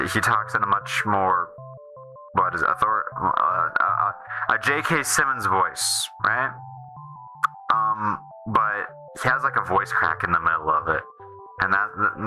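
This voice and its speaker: A man's voice: deep voice, bright, forceful tone, poor audio. A man streaming a game, chatting casually in a rambling way that keeps restarting and trailing off. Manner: rambling, self-interrupting, restarts often.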